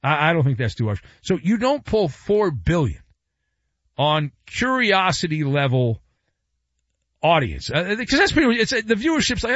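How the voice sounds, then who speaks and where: Animated wisecracking man host. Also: medium pitch, no room sound, highs cut off. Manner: sarcastic, wisecracking, animated delivery. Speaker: sports radio host. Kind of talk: sports talk monologue.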